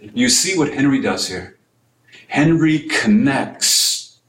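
A man's voice: medium pitch, a little hiss or hum. Emphatic preaching man in an echoey room. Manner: emphatic, rhetorical questions, repeats key phrases. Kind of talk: sermon-style teaching.

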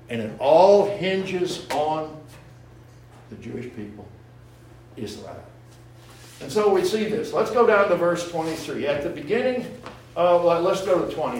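A man's voice: a little high, a little hiss or hum. A man preaching a sermon, teaching verse by verse and explaining word meanings to his congregation. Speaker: pastor. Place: church sanctuary. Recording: echoey room, voice from far off.

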